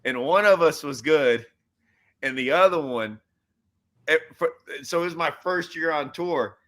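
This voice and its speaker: Bright-voiced joking host, man. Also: on the high side, measured pace. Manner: loose, joking, quotes himself in stories. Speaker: host and pro angler. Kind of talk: casual chat.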